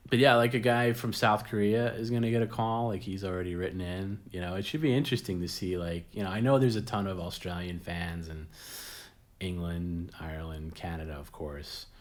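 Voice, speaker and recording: A man with a notably low voice hosts a casual late-night stream. He rambles, restarts his sentences and chuckles at his own jokes. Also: steady tone, brisk. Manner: rambling, repeats words, laughs at own jokes. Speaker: host.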